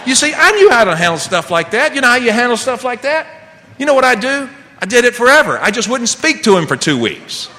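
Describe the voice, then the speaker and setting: Middle-aged man, recovery-meeting speaker, lively swinging delivery, bright, forceful tone, rhetorical questions to the room. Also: very high-pitched, fairly quick. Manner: animated storyteller, asks the audience rhetorical questions. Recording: long reverb, faint background noise.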